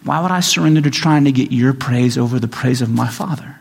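A man preaching a sermon as pastor, telling stories with animated acted-out voices. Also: mid-range voice, fairly quick, gravelly. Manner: animated storytelling, acts out quoted voices. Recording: reverberant hall recording.

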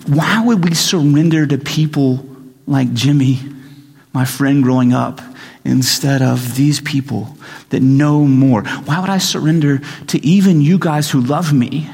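A man preaching a sermon as pastor, telling stories with animated acted-out voices. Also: mid-range voice, measured pace, vocal fry. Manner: animated storytelling, acts out quoted voices. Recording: reverberant hall recording.

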